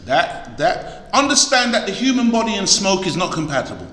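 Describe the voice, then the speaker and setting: A man's voice: sits high, big pitch swings, normal speed, pushed and bright. A man preaching a sermon to a congregation, emphatic and exhorting, repeating key words for stress. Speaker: preacher, lecturer. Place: large echoey hall. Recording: echoey hall with long reverb.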